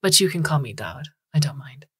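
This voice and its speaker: A polite, cautious young man, a little hesitant, as a woman reading the story voices him. Low and husky, recorded close and dry. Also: animated, brisk, no echo, exaggerated voice. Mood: curious. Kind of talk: audiobook reading.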